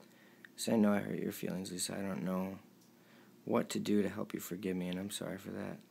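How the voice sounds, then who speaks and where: Gravelly low-voiced young man. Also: little pitch movement, a little fast, slight background noise. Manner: emotional, pleading, voice drops low and quiet at times. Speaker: vlogger. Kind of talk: reading out text messages to camera.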